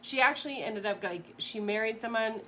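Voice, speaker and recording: A woman giving a casual motivational talk as a mindset coach, chatty and animated, rambling with fillers and quick laughs. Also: on the high side, a little hiss or hum.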